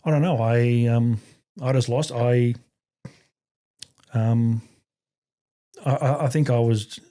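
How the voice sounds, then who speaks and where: A middle-aged Australian man telling his story as a podcast guest in a halting way, with many restarts and fillers and blunt swearing. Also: mid-range voice, steady tone, dark tone. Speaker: podcast guest, army veteran. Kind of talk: casual conversational storytelling.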